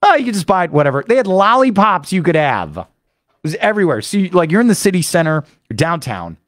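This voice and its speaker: Male radio host, excitable, rambling storyteller, animated voice, dry close studio sound. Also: high voice, fast, no echo. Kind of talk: animated monologue recapping a trip.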